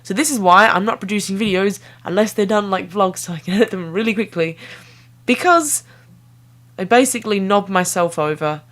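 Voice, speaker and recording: A woman's voice: medium pitch, moderate pace, a bit bright. A young woman, rambling casually to camera in a playful, self-mocking way that jumps between tangents. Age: young adult. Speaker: vlogger.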